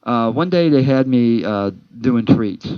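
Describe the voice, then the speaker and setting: A man spins rambling, casual comic stories about his workplace, stumbling over restarts and fillers as he acts out both sides of each exchange. His voice sits at an ordinary middle pitch. The recording is dull and lo-fi, with a dry, close sound and no room echo. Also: animated, measured pace, clean tone. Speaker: amateur comedian telling work stories. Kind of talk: casual storytelling monologue.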